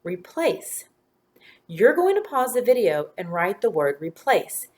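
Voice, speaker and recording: A woman teacher talks young children through a phonics lesson at a very slow, deliberate pace. She draws out each word, gives short clear directions and follows them with encouraging praise. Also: medium pitch, big pitch swings, a little mellow. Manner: slow, clear, drawn-out words.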